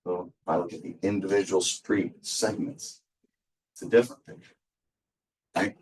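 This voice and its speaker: The low-pitched male instructor's intonation is fairly even, his pace moderate and his tone darkish as he rambles through a lecture full of ums and restarts. The distant mic adds to the casual, unpolished classroom sound.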